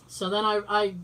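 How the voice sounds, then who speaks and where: A woman co-hosting a podcast, telling a story in casual chat, acting out quoted dialogue and swearing freely. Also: mid-range voice. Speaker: podcast co-host. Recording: voice distant from the mic.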